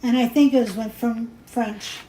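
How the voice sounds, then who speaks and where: Recorded in an echoey room with faint noise, a jewelry-making host chats casually while she works, rambling and laughing when she mispronounces words. She speaks at normal speed in a fairly high, steady and mellow voice.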